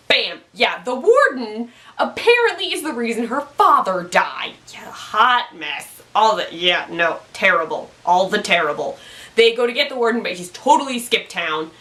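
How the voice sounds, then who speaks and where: Bright, animated woman recapping a TV episode. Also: a little high, moderate pace, poor audio. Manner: chatty, excitable, rambling fan commentary. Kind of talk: casual TV recap.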